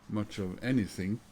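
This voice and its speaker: Over background noise, a middle-aged man with a lowish voice chats about records he picked up. A record collector vlogger, he hesitates, keeps restarting, leans on fillers, and chuckles.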